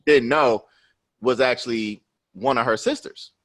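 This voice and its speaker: A man's voice: medium pitch, measured pace, a bit bright. A man in his thirties, a podcast host, telling a personal story in loose, profane chat and tagging his lines with "you know what I'm saying".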